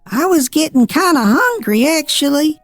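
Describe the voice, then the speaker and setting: A man voicing a gleeful young woman killer with a Southern US accent, in a high, giggly put-on voice, reading a horror story. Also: very animated, normal speed, a bit bright, dry recording, faint music behind, heavily acted.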